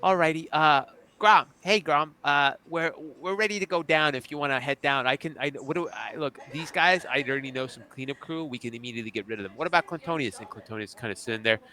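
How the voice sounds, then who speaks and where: A man's voice: fairly high pitch, fast talker, few pauses, sharp tone. A man narrating as game master in a tabletop fantasy game, speaking casually and loosely with fillers like "kinda" and "like.".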